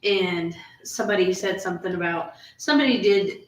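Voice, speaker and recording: A woman's voice: mid-range voice, a little fast, roomy sound, distant mic, a little hiss or hum, low-quality recording. A woman in casual chat, telling a rambling story full of fillers and asides.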